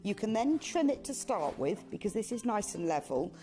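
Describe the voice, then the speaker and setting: A woman giving a calm step-by-step sewing demonstration. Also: medium pitch, moderate pace. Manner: calm, instructive. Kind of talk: step-by-step tutorial.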